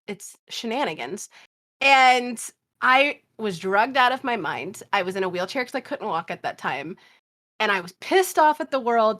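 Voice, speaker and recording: High-voiced woman telling a wild story. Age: 30s. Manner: animated, swearing storyteller who laughs often. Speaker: guest. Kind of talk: casual podcast chat.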